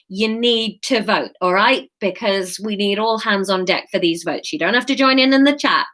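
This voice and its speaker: A woman's voice: on the high side, a bit bright. Woman reading a live story for her viewers, keeps stopping to chat with them and laugh. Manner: chatty asides to viewers, frequent laughter. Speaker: host and storyteller.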